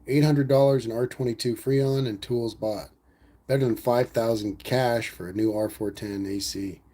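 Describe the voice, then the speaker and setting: A man chats through a casual livestream, reading viewers' comments aloud and answering at an easy pace. His voice sits at an everyday pitch, and his manner is relaxed and rambling, with "man" tossed in often. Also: moderate pace. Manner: laid-back, rambling, says "man" a lot. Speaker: livestream host reading chat.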